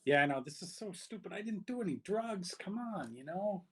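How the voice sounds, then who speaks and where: A man's voice: high-pitched, lively intonation, normal speed, slightly rough, pitched above the performer's own voice. Easygoing teen brother full of "you know"s, as a man plays him. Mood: defensive. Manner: casual, shrugging, talks in fillers. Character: laid-back teenage boy, grounded older brother.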